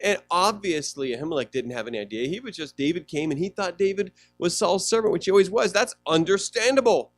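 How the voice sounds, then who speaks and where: A man's voice: sits high, lively intonation, fast, hardly any pauses, no room sound. A male pastor preaching a sermon in a conversational way, often asking the congregation questions.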